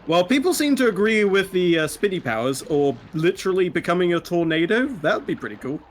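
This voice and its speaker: A man's voice: high-pitched, big pitch swings, fairly quick, a little hiss or hum. A man co-hosting a gaming stream, chatting casually and laughing along.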